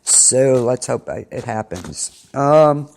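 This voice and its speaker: A woman's voice: a bass voice, animated, slow pace, creaky, a little mellow. A woman hosting an internet radio show, rambling through a casual rundown of upcoming shows with lots of ums and restarts. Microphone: studio mic, pre-recorded.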